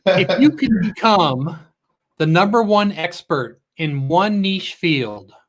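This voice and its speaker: Casting note: male host with a high voice, joking and laughing with guests. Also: lively intonation, slow pace. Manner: playful, jokey, laughs often. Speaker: live stream host interviewing guests. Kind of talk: casual chat.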